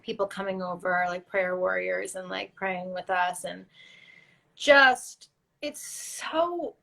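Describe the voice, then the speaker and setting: A woman's voice: on the low side, vocal fry, a bit bright, low-quality recording. Tearful woman telling a personal story. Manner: earnest, halting, faith-driven storytelling. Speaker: guest. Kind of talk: emotional personal interview.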